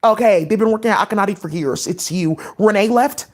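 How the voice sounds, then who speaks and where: A woman vlogging in a quick, tumbling stream of talk. Her thoughts jump from one thing to the next, held together by "like" and "um". Her voice sits at an ordinary middle pitch. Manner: rapid, scattered, many "like" fillers. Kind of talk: rambling casual monologue.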